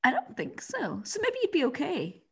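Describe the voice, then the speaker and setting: A woman's voice: high-pitched, wildly swooping pitch, moderate pace, creaky. A woman hosting a podcast in casual chat, laid-back and teasing, laughing often and passing on listener messages. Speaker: podcast host.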